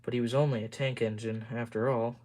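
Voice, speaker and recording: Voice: medium pitch, little pitch movement, a little fast, darkish tone. A tired amateur reader working through a children's story aloud, stumbling over words, correcting themselves and swearing under their breath.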